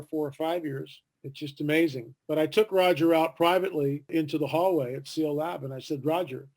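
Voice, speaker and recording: Higher-pitched older man telling a story. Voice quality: animated storyteller, acts out other people's lines. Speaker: interview guest, author and explorer. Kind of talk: storytelling in a podcast interview.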